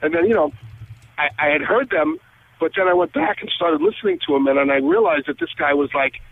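A male guitarist guest telling stories over the phone, acting out quoted conversations with lively energy. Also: on the high side, a little fast, gravelly, slight background noise. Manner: animated, acts out quoted conversations. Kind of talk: phone interview storytelling. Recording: tinny phone line.

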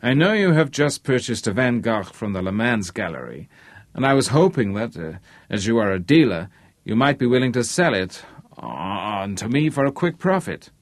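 A man's voice: medium pitch, sing-song, normal speed, no room sound, studio quality. A man voicing a brash, pushy businessman who barks his demands. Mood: brusque. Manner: barking, brusque.

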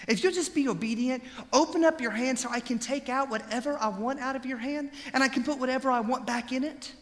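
Preacher doing god talking soft and patient, coaxing, high bright voice, hall echo. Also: male voice, brisk. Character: God, a patient loving father pleading gently.

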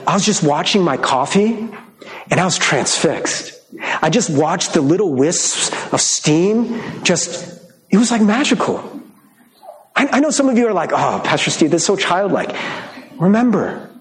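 A pastor gives a casual, conversational sermon, laughing easily as he speaks. His voice sits high and swings widely in pitch. The sound carries a roomy echo. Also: measured pace, slight background noise. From Michigan. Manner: conversational and animated, with frequent laughs.

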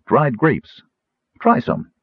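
A man voicing a calm, steady grown knight who speaks in a measured, patient way. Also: medium pitch, breathy edge, dry recording, narrow, tinny audio, voice pushed up, heavily acted.

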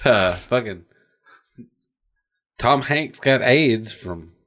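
A man's voice: mid-range voice, lively intonation, drawn-out words, fairly bright tone. A man co-hosting a podcast, casual chat, crude and joking, laughing often and swearing a lot. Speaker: podcast co-host.

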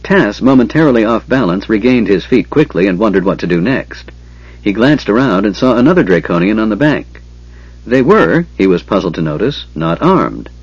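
A man narrating an audiobook with steady, measured storytelling. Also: on the low side, breathy edge, no room sound, highs cut off.

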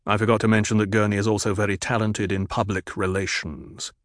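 A man voicing a duke, a calm noble lord who speaks in a measured way. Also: on the low side, dry recording, clean studio sound, lightly acted.

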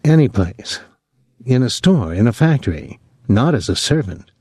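A man's voice: medium pitch, very animated, moderate pace, warm tone, breathy edge, no echo, clean studio sound, voice pushed up. A man reading the lines of a restless young man who argues stubbornly and pleads. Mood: earnest.

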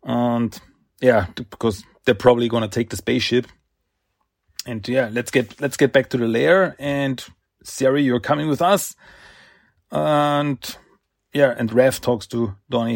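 A man casually retelling a comic issue, halting with fillers and restarts and chuckling often. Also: mid-range voice, fairly even intonation, gravelly, no room sound, clean studio sound. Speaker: comic recap reviewer.

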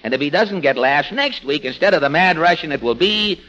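A middle-aged man with a nasal twang, a radio comedian and master of ceremonies delivering dry, sharp wisecracks. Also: a little high, animated, brisk. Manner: dry sharp wit, wry asides. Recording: dull 1940s radio broadcast with faint noise.

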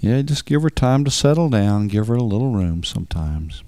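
A man's voice: on the low side, very animated, normal speed, mellow, dry recording, clean studio sound. A man preaching on marriage in a folksy, emphatic way, repeating words for stress. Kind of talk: sermon.

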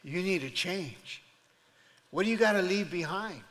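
An older man, a pastor, preaching a sermon as an animated storyteller who acts out voices and laughs often. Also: sits high, measured pace, long reverb tail.

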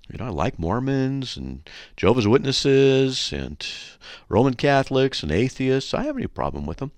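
A man hosting a radio talk show, speaking bluntly and argumentatively, with animated, joking asides. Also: low-pitched, no room sound, studio quality.

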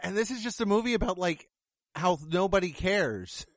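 High-voiced man with blunt, profane film takes. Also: lively intonation, moderate pace, no echo, studio quality. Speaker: film reviewer. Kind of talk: casual movie review chat.

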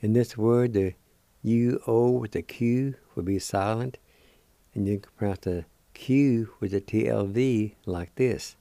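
An older man with a Cherokee accent teaching words slowly and deliberately as a radio language teacher, repeating each one. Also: lowish voice, creaky, dark tone, dry recording. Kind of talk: slow spelled-out language lesson.

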